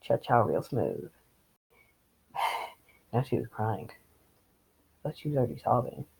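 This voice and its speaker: Gravelly man reading with sarcastic asides. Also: mid-range voice, sing-song, slow pace, darkish tone, low-quality recording. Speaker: reader. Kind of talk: reading fan fiction with commentary.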